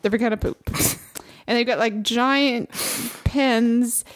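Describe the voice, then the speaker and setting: Chatty woman, higher voice. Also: steady tone, rough recording. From Texas. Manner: chatty, laughs easily, drawn-out storytelling. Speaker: podcast co-host. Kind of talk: casual chat.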